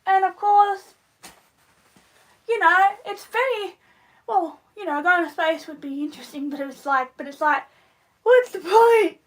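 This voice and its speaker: A woman hosting a live stream and showing things on camera, speaking in a deliberate, overly descriptive and emphatic way, rambling and giggling now and then. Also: extremely high pitch, animated. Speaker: livestream host. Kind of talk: live-stream show-and-tell chat.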